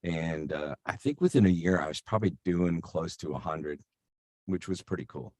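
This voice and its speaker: A man's voice: sits low, animated, moderate pace, darkish tone, no echo, clean studio sound. A middle-aged man, a voice actor, telling stories in a casual interview, rambling with many fillers and restarts. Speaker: voice actor guest.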